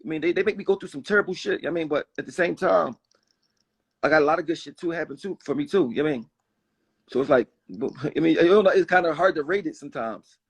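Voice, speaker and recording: This Philadelphia rapper, a guest in his forties, has a gravelly voice on the high side with a breathy edge, and he talks quickly. His candid personal stories ramble with emphasis, full of restarts and "you know what I mean."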